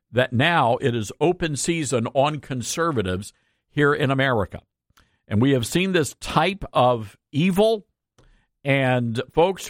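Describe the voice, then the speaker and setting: A man's voice: medium pitch, no echo, clean studio sound. Impassioned man hosting talk radio. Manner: earnest, impassioned, repeats himself for emphasis. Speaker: radio talk show host.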